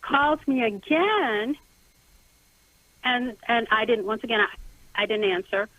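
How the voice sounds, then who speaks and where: A middle-aged woman calling in to a radio advice show, speaking haltingly with many restarts. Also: a little high, fairly bright tone, dry recording. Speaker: caller. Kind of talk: call-in radio question. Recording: phone line.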